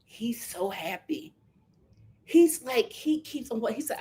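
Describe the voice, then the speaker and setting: A young woman with a high, bright-pitched voice hosts a live reality show recap. She talks in an animated, sassy way, full of slang, and keeps slipping into mocking the people she talks about. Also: slow. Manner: animated, sassy and slangy, jumps into mimicking the cast. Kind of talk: live casual recap commentary.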